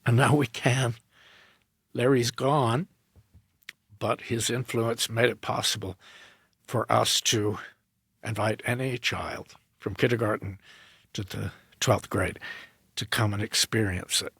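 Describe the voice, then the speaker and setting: A man's voice: medium pitch, slow, vocal fry, pauses often, slightly rough, no room sound, clean studio sound. A man, an opera director and tenor, telling a story in a podcast interview and acting out both sides of a remembered conversation. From United States. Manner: animated anecdote, acting out both sides of a dialogue.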